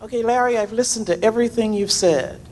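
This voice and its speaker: A woman's voice: fairly high pitch, fast, a little mellow, slight background noise. An older woman, a grandmother, asking an earnest question from the floor of an auditorium. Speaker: audience member asking a question.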